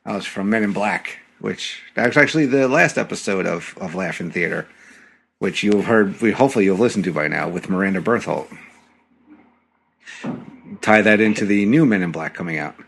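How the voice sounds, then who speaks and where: A man's voice: low voice, moderate pace, vocal fry, a bit bright, husky. Giggly rambling male podcast host. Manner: giggly, rambling film fan. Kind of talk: casual chat watching a film.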